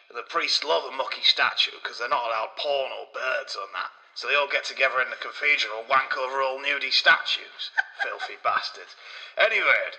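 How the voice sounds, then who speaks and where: A man's voice: medium pitch, sharp tone, rough recording. A man voicing a crude, boastful Renaissance sculptor in a comedy podcast sketch.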